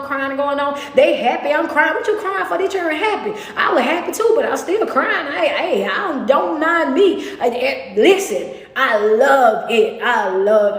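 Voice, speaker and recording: A woman motivational speaker, talking casually on a livestream, animated and preachy, breaking into high excited bursts. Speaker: motivational speaker and life coach. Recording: echoey room with long reverb.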